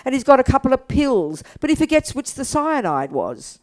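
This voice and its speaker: An older woman giving a blunt, animated Buddhist teaching to an audience. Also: high voice, normal speed. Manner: animated, blunt, acts out quotes, laughs.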